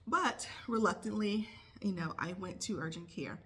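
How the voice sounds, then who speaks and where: A woman's voice: mid-range voice, moderate pace, a bit bright. A woman who is a nurse, telling a casual vlog story and acting out her own thoughts in quotes. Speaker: nurse vlogger.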